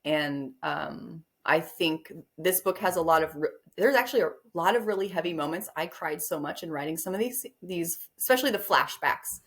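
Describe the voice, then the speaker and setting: A woman's voice: on the low side, expressive, moderate pace, few pauses. A woman guest author in casual interview chat, rambling a bit and laughing often.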